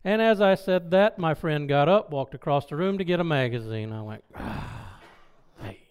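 A man preaching in a smooth, clear voice that sits a bit high for a man. He tells a personal story with animated delivery and acts out each person's lines. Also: a little fast. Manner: animated storytelling with quoted dialogue; loud when excited. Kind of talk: sermon storytelling.

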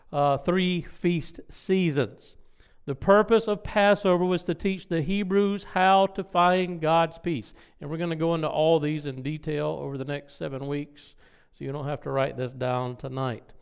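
A male preacher teaching his congregation with emphatic stresses and deliberate slowdowns on key words. His voice is smooth and resonant and sits a little higher than most men's. He breaks off now and then for quick asides to the room. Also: steady tone. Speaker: pastor teaching a Bible study. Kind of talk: sermon-style Bible teaching.

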